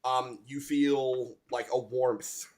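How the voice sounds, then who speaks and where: A man's voice: mid-range voice, fairly even intonation, slow pace, darkish tone. A man narrating as game master, hesitant and searching for his words.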